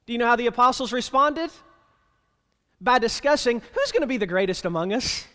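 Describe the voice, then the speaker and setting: In a church sanctuary with a long reverb tail, a pastor with an extremely high, expressive, slightly bright voice preaches fairly quickly. He's plainspoken and wry, addressing the congregation conversationally and asking them rhetorical questions.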